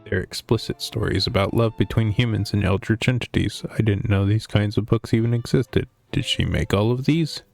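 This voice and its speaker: A man's voice: on the low side, moderate pace, vocal fry, hardly any pauses, a little mellow. A man streaming a game, reading its lines aloud in a dry, wry way. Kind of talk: reading a visual novel aloud. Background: faint game music.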